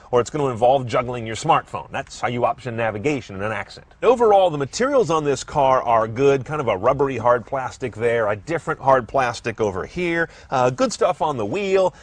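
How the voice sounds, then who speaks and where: Lively wry man reviewing a car. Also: medium pitch, no room sound. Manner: brisk, wry and opinionated. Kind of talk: scripted product review narration.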